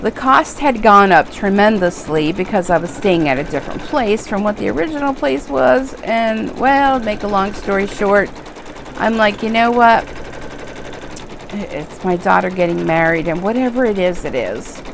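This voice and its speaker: Middle-aged lady rambling while she crafts, kinda gravelly low voice, faint hum in the room. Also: animated, moderate pace. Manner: rambling, chatty, emotional. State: tearful at times. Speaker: embroidery video host. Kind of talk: casual chat while crafting.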